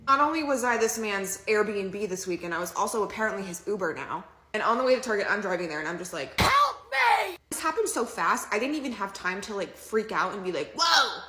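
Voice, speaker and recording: A woman's voice: medium pitch, fairly bright tone, reverberant. A woman telling a dating story in a casual, chatty, exasperated way, swearing freely. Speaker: TikTok storyteller.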